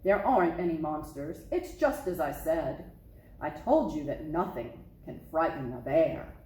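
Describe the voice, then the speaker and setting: Lady doing a big daddy bear, low and bluff, all reassuring. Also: expressive, measured pace, mellow. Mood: confident. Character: big confident father bear. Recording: echoey room.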